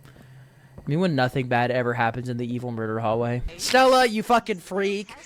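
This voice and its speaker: A man's voice: mid-range voice, expressive, moderate pace, fairly bright tone. A man giving let's play commentary in a sarcastic, exasperated way, swearing often. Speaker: gaming video creator.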